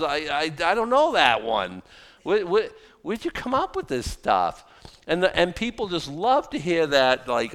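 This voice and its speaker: A man preaching a sermon as pastor, talking in an animated, conversational way with mocking asides. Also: fairly high pitch, measured pace, in a large hall.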